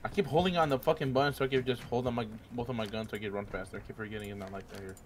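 A man's voice: mid-range voice, fairly even intonation, rapid-fire. A young man in casual gaming chat who jokes, swears and laughs often. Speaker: streamer, game player. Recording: game crowd noise behind.

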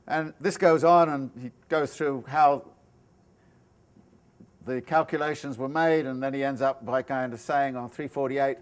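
A man's voice: medium pitch, fairly even intonation, measured pace, smooth. A male professor giving a university lecture, explaining ideas in a thoughtful, step-by-step way, with asides and restarts. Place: lecture room.

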